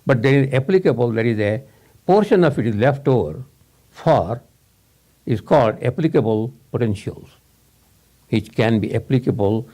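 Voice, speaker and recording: A man's voice: mid-range voice, dark tone. A man giving a rambling, informal talk to a small audience, repeating words and laughing often.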